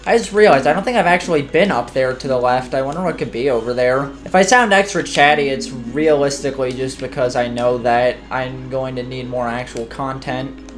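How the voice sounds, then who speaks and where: A man's voice: mid-range voice, a little fast. A man giving casual, rambling commentary while playing a video game, chatty and self-deprecating. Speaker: gaming YouTuber. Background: faint game music.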